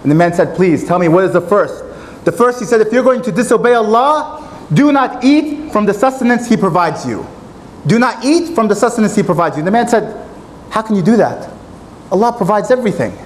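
Guy preaching in a mosque, fairly high voice, earnest, faint hiss behind. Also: lively intonation, brisk, poor audio. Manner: earnest, retelling a story with quoted dialogue. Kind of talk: sermon.

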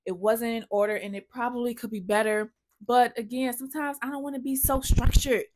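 Woman, casual vlogger, effusive and emotional, swears freely, slightly high-pitched voice. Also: steady tone, a little fast. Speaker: sneaker vlogger. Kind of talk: casual vlog to camera.

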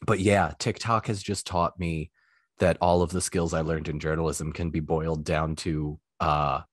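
A man talking as a podcast guest, telling animated stories and acting out the lines he quotes. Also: rumbling low, moderate pace, dry recording, clean studio sound. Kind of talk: casual interview chat.

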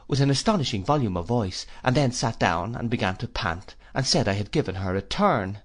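A man narrating a classic novel for an audiobook. His reading is measured and expressive, with a voice of middling pitch for a man.

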